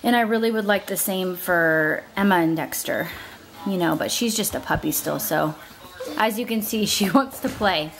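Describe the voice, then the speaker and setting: A woman's voice: lowish voice, normal speed, fairly bright tone, faint music behind. Chatty young woman vlogging at home. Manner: chatty, laughing, coaxing her pets. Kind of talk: casual home vlog chat.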